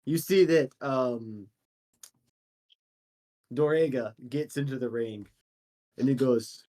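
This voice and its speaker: Slow-talking man running a tabletop game. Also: medium pitch, warm tone. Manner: unhurried narration with fillers and laughs. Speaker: dungeon master.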